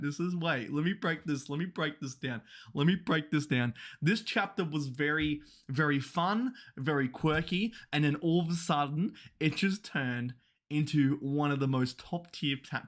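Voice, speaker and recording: A woman giving live reaction commentary, excitable and swearing, stammering through restarts as her voice goes hoarse. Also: low voice. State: voice going hoarse. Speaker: manga reaction streamer.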